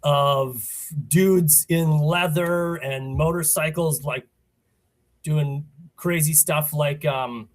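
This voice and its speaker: A man chatting casually as a podcast guest, telling stories in a relaxed way. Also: on the high side, takes it slowly. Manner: relaxed, storytelling. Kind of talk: casual chat.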